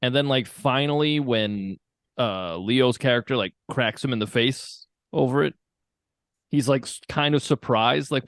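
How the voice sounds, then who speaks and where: A man's voice: medium pitch, measured pace, dry recording, clean studio sound. A man co-hosting a podcast, chatting casually and joking, with fillers and hesitations. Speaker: podcast co-host. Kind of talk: casual chat.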